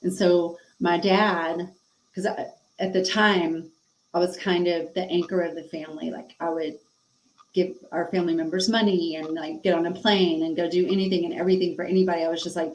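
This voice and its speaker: A woman's voice: fairly low pitch, little pitch movement, normal speed, a little mellow, echoey room, rough recording. A middle-aged woman guest on a podcast, telling a painful personal story frankly and emotionally, full of fillers and acted-out dialogue.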